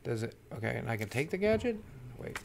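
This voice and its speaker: A man giving live gameplay commentary as a streamer, excitable and swearing, panicking and talking to his chat. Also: mid-range voice, quick pace, vocal fry, slight background noise. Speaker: gaming streamer.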